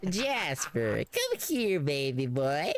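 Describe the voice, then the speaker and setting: A man putting on a drawn-out, sing-song baby-talk voice to coo at his cat, in a played stream clip. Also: fairly high pitch, huge pitch swings, full character voice.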